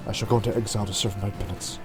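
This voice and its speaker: A man's voice: fairly low pitch, fairly even intonation, rapid-fire, natural voice. A man reading the lines of a stern female rogue trader judge in a formal, declamatory way, in his own voice. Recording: background game music.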